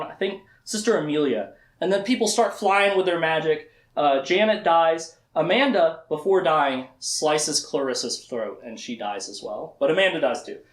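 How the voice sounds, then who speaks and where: A man casually recapping a book's plot in a lecture, laughing often and acting out the characters' lines in quick asides. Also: on the high side, roomy sound. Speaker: book discussion host.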